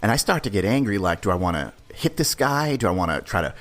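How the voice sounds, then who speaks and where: A man's voice: on the low side, big pitch swings, quick pace. A man hosting a podcast, telling a story in a brash, profane, conversational way. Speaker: podcast host. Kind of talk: casual storytelling.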